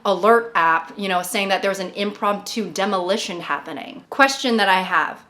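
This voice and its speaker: A woman's voice: medium pitch, normal speed, bright, forceful tone. A woman vlogger in casual chat, rambling and making jokey, self-deprecating remarks.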